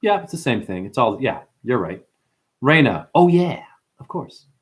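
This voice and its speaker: A man hosting a spiritual livestream, talking to his chat in an animated way, calling listeners honey and chanting mantras. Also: mid-range voice, normal speed.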